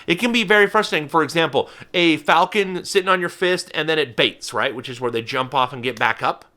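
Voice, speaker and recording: A man's voice: fairly high pitch, fairly quick. A man who is a falconer, giving an educational talk to camera with lots of restarts and a habit of slipping into playful voices. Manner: animated, with frequent restarts and playful put-on voices.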